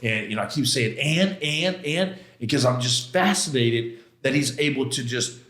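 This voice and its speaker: A man's voice: medium pitch, normal speed, fairly bright tone. A middle-aged man, a podcast guest, tells a personal story with intense emotion. He talks in a casual, slangy way, acting out quoted exchanges and restarting his sentences. His mid-range voice rings with a roomy echo.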